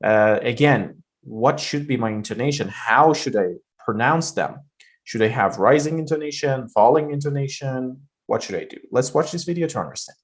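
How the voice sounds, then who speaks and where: A man's voice: medium pitch, expressive, normal speed. A man with a Vietnamese accent teaching pronunciation for an exam, explaining loosely with many fillers. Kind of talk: spoken exam-prep lesson.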